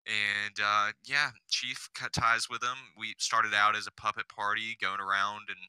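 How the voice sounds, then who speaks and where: A man's voice: fairly low pitch, flat delivery, a little slow, pushed and bright, clear, resonant tone, no echo, poor audio. A man on a casual podcast, telling a long story full of "you know" fillers and swearing. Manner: rambling, profane storytelling with many fillers. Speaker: podcast guest.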